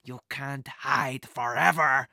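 A storybook reader voicing a menacing adult male thief who growls slow, loud threats. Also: mid-range voice, no echo, studio quality. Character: menacing red-haired male thief, gruff. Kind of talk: audiobook character voice.

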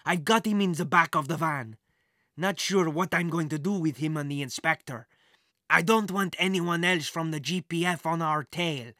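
A storybook reader voicing a menacing adult male thief who growls slow, loud threats. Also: mid-range voice, no echo, clean studio sound, natural voice. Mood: scheming. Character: menacing red-haired male thief, gruff. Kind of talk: audiobook character voice.

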